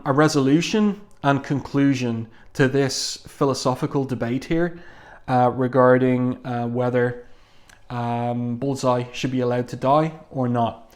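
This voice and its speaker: Enthusiastic man reviewing comics casually. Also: medium pitch. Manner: enthusiastic, conversational, with frequent ums.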